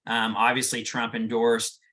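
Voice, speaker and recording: A man panelist in a casual political discussion, laying out points in a measured, matter-of-fact way. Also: medium pitch, monotone, sharp tone.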